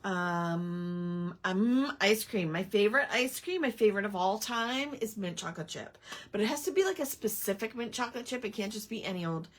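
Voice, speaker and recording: A woman's voice: mid-range voice, lively intonation, moderate pace. A woman hosting a casual live crafting stream, rambling with lots of ums and chatting back to viewer comments. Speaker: crafting livestream host.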